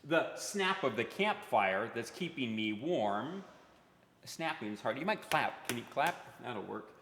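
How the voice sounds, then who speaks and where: A man's voice: medium pitch, very animated, measured pace, a bit bright, slight background noise. A man who writes and performs for children, reading poems aloud in a playful, interactive way and making animal sound effects. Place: children's museum event space. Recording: roomy with long hall reverb.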